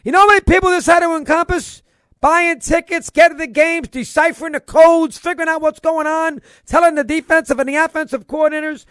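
A male sports radio host giving an emphatic, excitable opinion monologue and hammering his points through repetition. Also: very high-pitched, brisk, dry recording.

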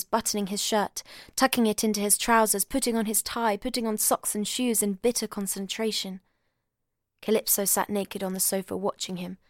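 A woman reads a novel aloud in a measured, soft narrating voice of middling pitch. The recording is close and dry, with no room echo. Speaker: audiobook reader.

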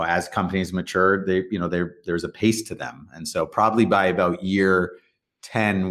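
A man's voice: low voice, fairly bright tone. A middle-aged man, a startup founder, telling stories in a casual interview, rambling with restarts and acting out quoted dialogue. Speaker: startup founder and CEO guest.

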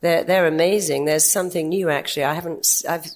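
An older woman therapist giving a lively talk to an audience, telling stories about her clients. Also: low-pitched, quick pace. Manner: lively storytelling with quoted clients. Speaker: therapist and speaker.

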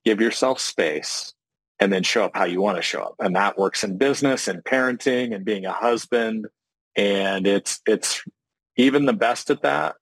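A man's voice: lowish voice, moderate pace, no echo, rough recording. A man hosting a podcast interview, talking casually and reflectively, stretching out words for emphasis. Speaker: podcast host.

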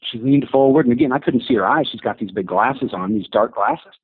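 A man telling an animated story of faith as an interview guest, acting out the voices of the people he quotes. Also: mid-range voice, a little fast, breathy edge, no room sound. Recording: dry, tinny phone-like audio.

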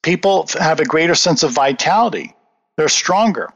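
Earnest guy explaining stuff in an interview, kinda high voice, dull lo-fi sound with long reverb. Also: expressive, normal speed, fairly bright tone, husky. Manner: earnest, emphatic, lecturing. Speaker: guest.

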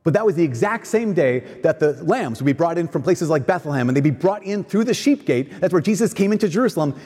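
A man's voice: fairly high pitch, quick pace, slightly rough. Preacher man in a reverberant hall. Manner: animated, asks the crowd questions and answers them. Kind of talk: sermon.

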